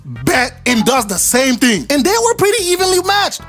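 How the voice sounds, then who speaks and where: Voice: high voice, big pitch swings, brisk, music in the background. A storyteller retelling a myth comedically in casual slang, joking as they go.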